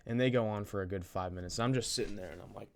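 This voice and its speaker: A man's voice: lowish voice, fast, a little hiss or hum. A young man casually telling a story from his college day, rambling, restarting his sentences and using slang. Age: young adult. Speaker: vlogger.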